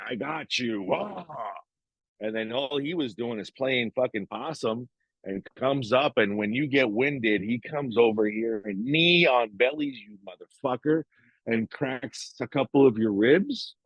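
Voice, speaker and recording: Animated, cursing middle-aged man telling stories. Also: medium pitch, dry recording, lo-fi sound. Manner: animated storytelling, swearing, acting out quotes. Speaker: podcast co-host. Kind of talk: casual chat.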